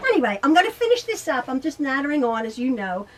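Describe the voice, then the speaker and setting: A woman's voice: high voice, big pitch swings, fast talker. A middle-aged woman teaching quilting in her home sewing room, chatting and rambling as she sews and laughing often. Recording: sewing machine noise behind her. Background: sewing machine.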